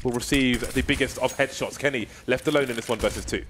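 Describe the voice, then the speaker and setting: A man doing playful, joking esports color commentary that builds to excited calls. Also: medium pitch, quick pace, noisy background.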